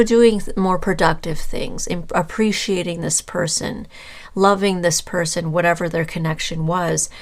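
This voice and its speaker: A woman with a somewhat low voice gives a casual tarot reading and speaks directly to her viewer. She rambles in a loose, conversational way and often stops with fillers to hunt for the right word. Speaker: tarot reader.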